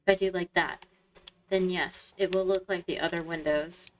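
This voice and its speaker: A woman's voice: fairly low pitch, steady tone, moderate pace, a little hiss or hum. A woman streamer giving casual gameplay commentary, musing aloud to herself in a hesitant way. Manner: muses aloud, hesitant and self-talking.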